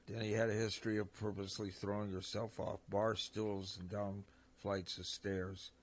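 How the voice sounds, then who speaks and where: A man's voice: fairly low pitch, level tone, moderate pace. A man who is a regular on a casual sports radio show, making dry, terse remarks and reading facts aloud. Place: radio studio.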